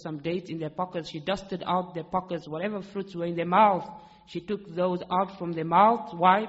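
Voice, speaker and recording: A high-pitched male preacher delivering an emphatic sermon and answering his own rhetorical questions. His voice rings through a long hall reverb. The recording sounds dull and muffled.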